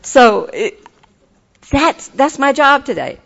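A woman's voice: sits high, very animated, slow pace, creaky, fairly bright tone, muffled recording. An older woman giving an earnest, folksy personal testimony at a recovery meeting. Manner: earnest, folksy, turns enthusiastic and laughing.

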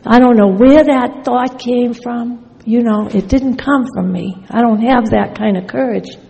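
A woman's voice: fairly high pitch, measured pace, creaky, warm tone, big-room sound, lo-fi sound. A woman sharing her recovery story in a wry, storytelling way, acting out remembered conversations. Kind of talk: personal testimony talk.

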